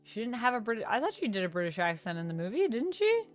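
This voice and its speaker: Fast and fairly high-pitched, a young woman hosts a live stream and chats casually with her audience. She's animated, and surprised questions send her voice leaping upward, all over faint lo-fi music.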